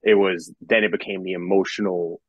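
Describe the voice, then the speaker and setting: A man's voice: low voice, level tone, a little fast, no echo, dull audio. A young man, a metal songwriter, talking casually on a podcast, rambling with many restarts and casual swearing.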